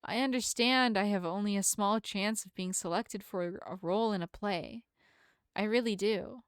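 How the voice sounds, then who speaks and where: A woman's voice: medium pitch, moderate pace, smooth, no room sound, lightly acted. A woman voicing an earnest, polite young woman who talks in formal, apologetic phrases, reading a visual novel aloud with a dry sound.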